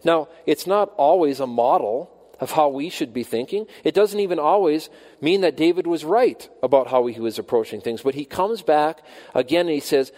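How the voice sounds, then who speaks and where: A man preaching a sermon, rising and slowing for emphasis when he voices the psalmist's cries. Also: darkish tone, big-room sound. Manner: rises in pitch and volume when quoting the psalmist's cries, slows for emphasis. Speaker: pastor.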